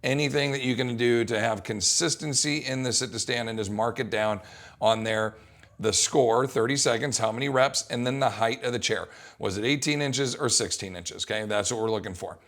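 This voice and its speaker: A young adult man coaching fitness, explaining an exercise test in a casual, lively way. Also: mid-range voice, normal speed. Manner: casual, animated, acts out coaching calls. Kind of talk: instructional talk.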